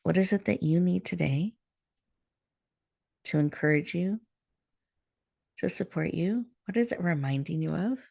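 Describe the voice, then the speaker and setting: A woman hosting a show, leading listeners through a guided breathing meditation in a soft, soothing way over a video call. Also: lowish voice, gravelly, no echo. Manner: soft, slow, soothing guidance. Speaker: host.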